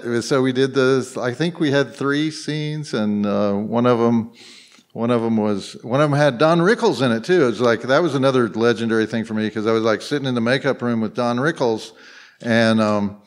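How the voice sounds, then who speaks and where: A man's voice: mid-range voice, normal speed. A man telling loose, rambling anecdotes as a guest on a live convention panel, full of fillers and frequent chuckles. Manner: rambling, heavy on fillers and restarts, chuckling often.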